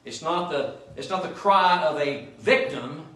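A man's voice: on the high side, measured pace, fairly bright tone. A male pastor preaching a sermon in a church, often asking the congregation "Amen?" as he goes. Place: church sanctuary. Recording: echoey church room, mic at a distance.

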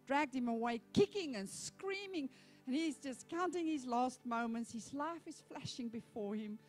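High-voiced woman pastor preaching. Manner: animated storytelling, conversational. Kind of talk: sermon.

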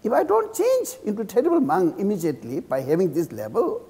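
A man who is a Buddhist monk, speaking English with a Tibetan accent as a second language. He teaches a class in halting English and keeps checking in with his students by asking "okay?". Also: high-pitched, huge pitch swings, dark tone, slightly rough. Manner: acts out insults and praise with a laugh. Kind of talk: dharma class lecture. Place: teaching room in a cultural center. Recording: reverberant hall.

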